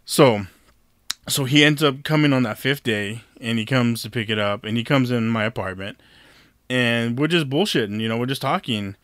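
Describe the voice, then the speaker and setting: A man's voice: medium pitch, moderate pace, a bit bright, no echo, studio quality. A man telling a rambling story in casual chat, swearing and restarting his sentences with lots of fillers.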